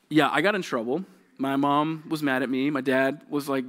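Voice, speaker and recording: A man's voice: a little high, normal speed. Conversational young male youth pastor. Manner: conversational, checks in with the kids, lively storytelling. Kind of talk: casual youth sermon with a personal story.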